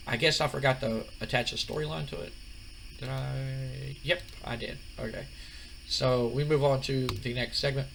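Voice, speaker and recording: A man's voice: mid-range voice, vocal fry, sharp tone, a little hiss or hum, low-quality recording. Rambling man recapping a wrestling sim. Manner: rambling, many fillers and restarts. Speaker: gaming video host. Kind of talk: casual game commentary.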